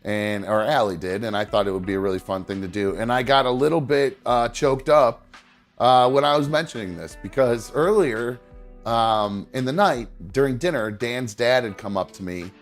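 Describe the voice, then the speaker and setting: A man hosts a casual podcast chat, rambling with many fillers and restarts and muttering to himself while he fiddles with his setup. He's sentimental and gets choked up, speaking at medium pitch and moderate pace over faint music.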